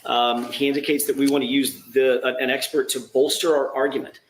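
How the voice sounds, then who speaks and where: A man giving measured legal commentary in a dry, sardonic tone. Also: mid-range voice, little pitch movement, slight background noise. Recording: roomy clip with faint ambience.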